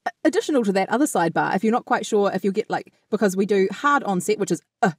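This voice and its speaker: A woman with a New Zealand accent co-hosting a podcast, chatty and quick to laugh, explaining things at length. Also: medium pitch, expressive, breathy edge, no room sound. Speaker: podcast co-host. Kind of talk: casual chat and explanation.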